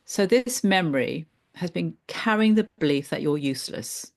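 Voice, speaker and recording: Low, gravelly woman therapist explaining. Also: expressive, a little mellow. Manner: measured, hesitant, with many fillers. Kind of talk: explaining a therapy technique with examples.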